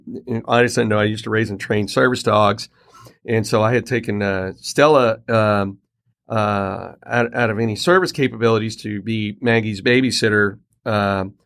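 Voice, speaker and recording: A middle-aged man hosting a podcast, telling a casual story in an animated way and acting out the quoted lines. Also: lowish voice, clean tone. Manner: animated anecdote teller, acts out quoted dialogue. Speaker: podcast host. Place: Colorado home.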